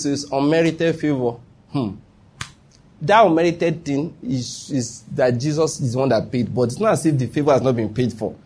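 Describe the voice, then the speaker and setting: A man's voice: on the high side, mellow, husky. A man with a Nigerian accent preaching a sermon, emphatic and often asking whether listeners follow his point. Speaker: pastor.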